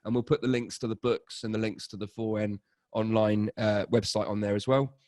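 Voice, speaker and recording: A man's voice: lowish voice, flat delivery, a little fast, a little mellow, dry recording, clean studio sound. A man hosting a casual livestream, talking in a loose, rambling way with frequent restarts. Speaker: livestream host.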